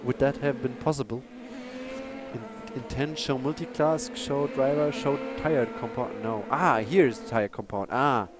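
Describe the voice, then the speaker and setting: A man who speaks natively, chatting and commentating a live sim race, excitable and apologetic. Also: mid-range voice, measured pace, noisy background. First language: German.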